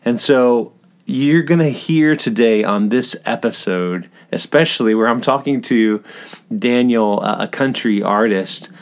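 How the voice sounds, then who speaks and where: A man's voice: mid-range voice, a little slow. A middle-aged man from the American South with a Southern accent, hosting a podcast in a chatty, rambling way with frequent fillers. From Southern United States. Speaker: podcast host. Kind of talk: casual podcast monologue.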